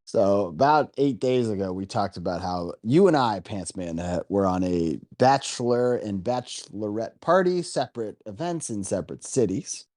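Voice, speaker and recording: A man's voice: fairly low pitch, expressive, moderate pace, hardly any pauses, darkish tone, no room sound, clean studio sound. A man hosting a casual podcast with friends, joking around and swearing freely. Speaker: podcast host. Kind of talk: casual banter among friends.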